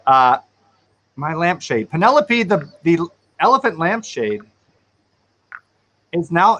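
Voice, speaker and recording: A man co-hosts a live stream with playful chatter and exclamations. His voice is high for a man and swings widely in pitch. He chimes in often. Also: a bit bright. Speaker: co-host. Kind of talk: casual live-stream chat.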